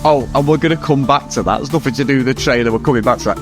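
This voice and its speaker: A man's voice: medium pitch, over music. A man co-hosting a film podcast, chatting casually with jokes, asides and swearing. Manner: swearing, joking, quick asides. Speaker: podcast co-host. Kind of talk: casual film-review chat.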